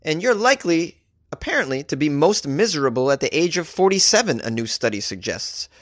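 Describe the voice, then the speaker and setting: Man, comedian podcast host, fairly high voice, dry studio sound, jokey delivery. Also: very animated, fairly quick, a bit bright, no room sound. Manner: joking, laughs at his own gags, acts out quotes in silly voices.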